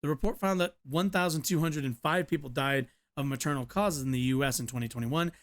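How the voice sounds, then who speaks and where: A man's voice: a little high, brisk. A young man streaming, reading a news article aloud with stumbles, mutters and offhand asides. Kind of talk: casual reaction stream.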